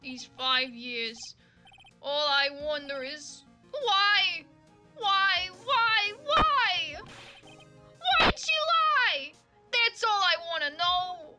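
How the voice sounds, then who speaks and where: A woman voicing a grieving, excitable male convict who shouts in short broken sentences. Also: very high voice, very slow, soft background music, pitched above the performer's own voice, full character voice. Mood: distraught shouting. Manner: shouting, broken sentences, attempted tough-guy accent.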